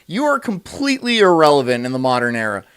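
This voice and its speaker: Loud mouthed guy on a livestream, swears a lot, voice jumps all over, kinda high. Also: wildly swooping pitch, quick pace, clean tone. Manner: brash, profane, laughs often. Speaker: streamer reacting to clips. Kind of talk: casual livestream rant.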